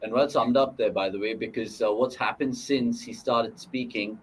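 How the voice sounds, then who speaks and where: A man hosting a live cricket watchalong, reacting quickly to play and steering the talk between guests, with faint noise behind him. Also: mid-range voice, steady tone, husky, poor audio. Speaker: host. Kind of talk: live match watchalong chat.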